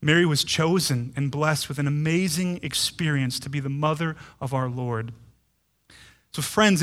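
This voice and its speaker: A man in his thirties, a pastor preaching a sermon with animated emphasis and frequent repeated words. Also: on the high side.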